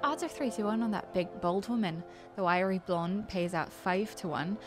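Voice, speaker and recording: Game bookie: woman putting on a drawling Deep South hustler, furry and sly, wheedling patter, music under. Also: normal speed, lightly acted. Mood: sly, folksy. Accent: attempted American Deep South drawl. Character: sly folksy male bookie, a furry Orlan.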